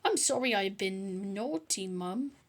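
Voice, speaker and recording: A woman's voice: medium pitch, animated, slow. A woman voicing a prim little boy who whines and wails to his mother. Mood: whiny. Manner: whiny, wailing.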